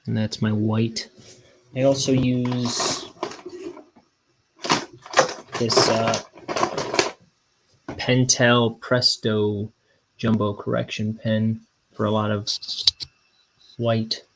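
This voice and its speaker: A young man, a cartoonist, rambling in a meandering, self-deprecating way with deadpan jokes while he works. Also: lowish voice, slow pace, long pauses, heavy background noise. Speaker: cartoonist inking his graphic novel. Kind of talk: casual rambling studio vlog.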